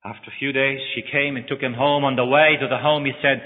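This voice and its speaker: A man's voice: mid-range voice, fairly even intonation, fast, few pauses. A male preacher telling a story in a dramatic, emotional sermon. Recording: echoey hall, phone-like lo-fi.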